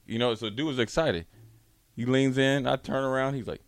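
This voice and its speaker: A man hosting a radio talk show, telling a story in a casual, animated way and acting out his friends' lines. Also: medium pitch, brisk, no room sound.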